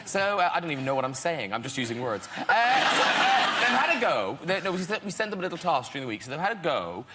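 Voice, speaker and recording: A man's voice: a little high, very animated, quick pace. A man hosting a chat show, playful and teasing as he chats with his guests. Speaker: talk show host. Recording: loud hiss over the voice.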